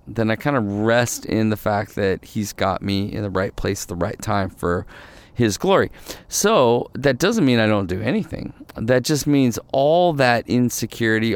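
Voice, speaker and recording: A male pastor hosting a devotional podcast, talking gently and reflectively, often repeating phrases, recorded outdoors at night. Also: lowish voice, gravelly, smooth, no echo. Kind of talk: casual devotional podcast talk.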